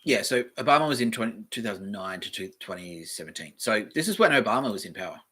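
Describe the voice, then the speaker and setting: A man's voice: fairly low pitch, big pitch swings, quick pace, a bit bright, husky. An Australian man hosting a solo podcast, reading aloud in a meandering, offhand way and swearing casually. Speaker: podcast host.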